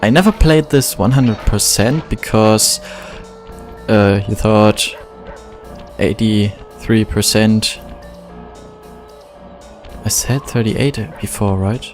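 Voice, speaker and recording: Slow, easygoing German-accented gamer. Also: male voice, fairly low pitch, faint music behind. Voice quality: relaxed, chuckling, self-deprecating. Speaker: let's play gamer. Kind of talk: casual gameplay commentary.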